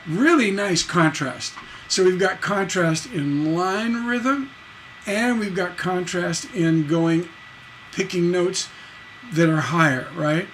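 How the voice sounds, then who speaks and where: A songwriting instructor gives a casual, conversational lesson, explaining with enthusiasm and breaking into sung melody snippets and scatted rhythms. His voice sits high, moves slowly and is a bit bright. There's slight background noise.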